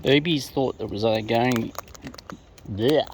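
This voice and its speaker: A man, chatting playfully to wild birds while feeding and filming them, his calls leaping up high as he coaxes them closer. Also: slow, slight background noise. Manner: playful coaxing, voice leaps high when calling birds. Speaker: bird-feeding vlogger. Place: outdoors feeding wild cockatoos.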